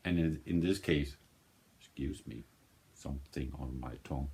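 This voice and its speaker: A very deep, dark-toned male voice speaks at a normal pace over faint hiss or hum. He's a Danish vinyl vlogger rambling in non-native English, often restarting and searching for words.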